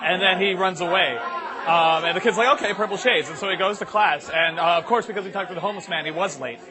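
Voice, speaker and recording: A man's voice: sits high, fairly quick, crowd noise. A young man telling a long comic story to a live audience, rambling with lots of fillers.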